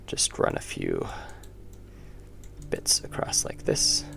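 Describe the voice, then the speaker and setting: An indie game developer whispers slowly on his livestream, chatting casually as he draws. He keeps things low-key, muttering to himself as he goes, while faint music plays in the background.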